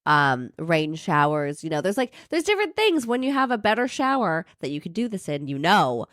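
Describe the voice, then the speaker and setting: A young woman co-hosts a podcast in casual, emphatic chat. Her low voice swings widely in pitch, and the recording is close and dry. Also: big pitch swings, moderate pace, fairly bright tone, no room sound. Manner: casual, full of "like" fillers, emphatic. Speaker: podcast co-host.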